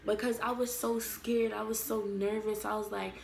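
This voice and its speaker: A woman's voice: mid-range voice, little pitch movement, moderate pace, gravelly, a little hiss or hum. Chatty young woman vlogger, echoey room. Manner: rambling, filler-heavy storytelling. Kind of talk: casual storytime.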